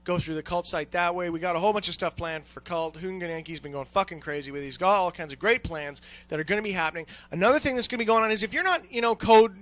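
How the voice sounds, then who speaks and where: A man's voice: high voice, fast, hardly any pauses, a bit bright. A young man hosting a radio show, ranting and swearing constantly and acting out the annoyed callers he complains about. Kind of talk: profane casual radio rant. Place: radio studio.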